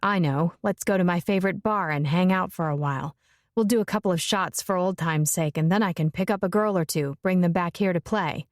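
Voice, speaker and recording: A woman narrator voicing a sardonic, brooding grown man, pitching her voice lower with a mocking drawl. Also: a little fast, no room sound, clean studio sound, lightly acted.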